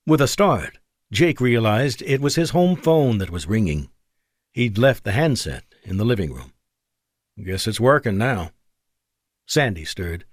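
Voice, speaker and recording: A man with a medium-pitched voice narrates an audiobook, measured and expressive. The recording is dry and studio quality.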